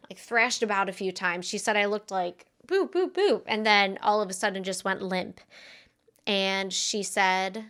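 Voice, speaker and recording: Bright, clear-voiced woman telling a story. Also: medium pitch. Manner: earnest, conversational with frequent fillers. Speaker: podcast co-host. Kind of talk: personal storytelling.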